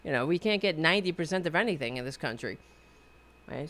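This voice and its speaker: A woman's voice: low-pitched, lively intonation, moderate pace, long pauses, fairly bright tone. A woman hosting a political podcast, rambling through sarcastic commentary with many restarts. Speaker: podcast host.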